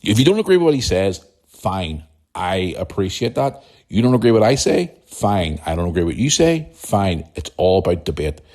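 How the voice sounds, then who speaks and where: A man's voice: deep voice, big pitch swings, normal speed, darkish tone. Blunt, heated man hosting a podcast. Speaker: podcast host. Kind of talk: casual opinion monologue.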